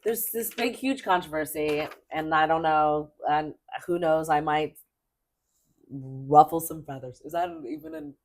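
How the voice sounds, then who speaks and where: A middle-aged woman co-hosting a casual sports podcast, chatty and emphatic, rambling with quick restarts. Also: low voice, a little mellow. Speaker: podcast co-host.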